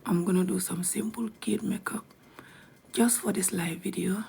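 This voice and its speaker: In a medium-pitched, gravelly voice with a dark tone and a breathy edge, a young Gambian woman chats bluntly on a live video. Her intonation stays fairly even at normal speed, and she laughs often and sometimes whispers.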